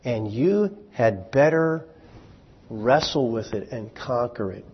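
A slow yet animated man with a husky, mid-range voice preaches to a congregation, sounding conversational and wry as he poses rhetorical questions and makes asides. The setting is a church hall, captured in a dull, lo-fi recording with echo.

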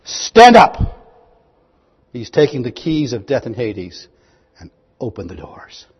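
A man preaching a sermon, reading scripture aloud and asking his listeners questions, rising to loud, high proclamations. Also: animated, moderate pace, slightly rough. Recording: dull, long-echo hall recording.

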